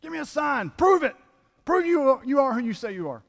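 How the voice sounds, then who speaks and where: A man's voice: extremely high pitch, very animated, a little fast, vocal fry, long reverb tail, voice pushed up, exaggerated voice. A man voicing a skeptical Pharisee who insistently demands proof, in a sermon. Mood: demanding.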